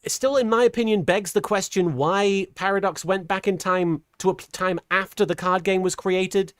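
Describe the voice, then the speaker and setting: A middle-aged woman streamer chatting casually while reading super chats, earnest and halting, with a softened feminine voice. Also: medium pitch, fairly even intonation, no echo, clean studio sound. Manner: earnest, halting with many restarts; voice softened toward a feminine sound. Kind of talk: casual livestream chat.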